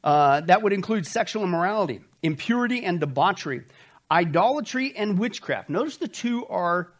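A man's voice: sits high, lively intonation, moderate pace. A man preaching a Bible study, emphatic and folksy, asking his listeners questions and answering them himself. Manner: folksy, says okay often. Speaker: pastor teaching a Bible study. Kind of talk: sermon.

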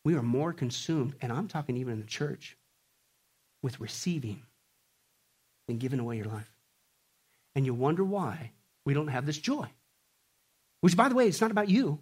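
A man preaching a sermon with jokes, swinging from loud to hushed and acting out voices. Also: mid-range voice, lively intonation, moderate pace, long pauses, slightly rough. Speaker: pastor.

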